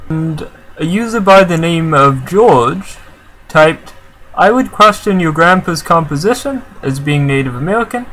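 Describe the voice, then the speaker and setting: A man's voice: on the high side, lively intonation, unhurried, a bit bright, faint music behind, rough recording. A man with a Canadian accent talks casually to camera, answering viewer comments in a chatty, rambling way full of fillers and restarts. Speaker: vlogger.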